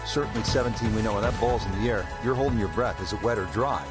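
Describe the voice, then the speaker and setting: A man voicing a golf play-by-play commentator in a video game, measured and dramatic. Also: fairly low pitch, natural voice. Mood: calm. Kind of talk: scripted sports commentary. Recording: game audio with music and crowd. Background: music and gallery crowd.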